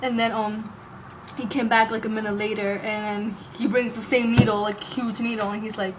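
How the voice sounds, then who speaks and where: A young woman with a slightly high voice tells a story straight to camera. She rambles casually and keeps slipping in "like" and the occasional curse word. It sounds like an unscripted vlog. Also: little pitch movement, normal speed, background noise. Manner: rambling, heavy use of "like", occasional cursing. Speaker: vlogger.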